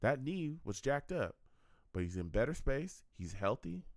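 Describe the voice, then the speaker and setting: An excitable man hosting a live football draft reaction stream. His pitch jumps all over as he talks, and he keeps slipping into slangy, laughing banter. The sound is close and dry, with no room around it. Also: unhurried, no room sound.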